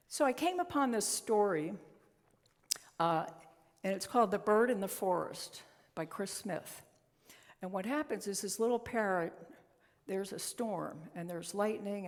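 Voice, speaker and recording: A woman minister giving a conversational, story-telling sermon in a church sanctuary. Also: on the low side. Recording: long reverb in a church hall.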